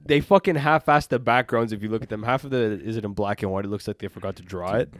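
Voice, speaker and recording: A man's voice: fairly low pitch, fast talker, a bit bright, dry recording, studio quality. A man co-hosting a casual podcast, ranting crudely and slipping into mocking voices. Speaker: podcast co-host. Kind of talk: casual chat.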